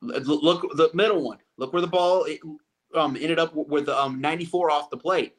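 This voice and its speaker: A man's voice: a little high, normal speed. A man co-hosting a sports podcast, talking casually in a rambling way with many restarts.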